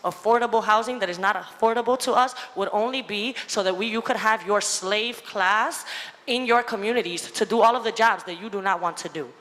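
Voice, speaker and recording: A woman's voice: mid-range voice, a bit bright. A woman giving fiery, emotional testimony at a public hearing. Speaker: public commenter. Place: large public hearing hall. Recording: long hall reverb.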